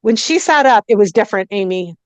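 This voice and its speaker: A woman, a guest energy healer, telling her story in a casual interview, animated and often acting out what people said to her. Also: mid-range voice, brisk, no echo. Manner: animated, acts out quoted dialogue, many "like" and "I go" fillers. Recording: dull, dry, muffled recording.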